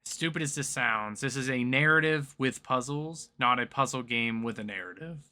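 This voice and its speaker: A man's voice: mid-range voice, moderate pace. A man hosting a gaming podcast with a Southern US accent, chatting casually and hesitantly with lots of fillers. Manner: relaxed, filler-heavy, hesitant. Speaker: podcast host. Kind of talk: casual chat.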